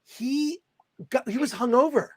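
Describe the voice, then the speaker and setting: Excitable high-voiced man hosting a livestream. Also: a little slow, dry recording. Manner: excitable, reads viewer super chats aloud. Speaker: host. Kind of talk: casual livestream chat.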